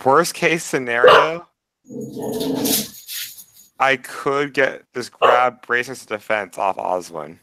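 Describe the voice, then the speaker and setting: A man playing a tabletop game, chatting casually with quick asides. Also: mid-range voice, pushed and bright. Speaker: player.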